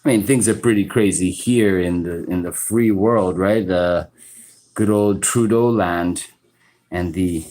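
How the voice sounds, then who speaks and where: Slow-talking man, rambling story. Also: sits low, mellow, poor audio. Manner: rambling, halting restarts, frequent "you know" and "right". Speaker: live stream host. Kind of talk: casual storytelling monologue. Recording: informal live stream audio.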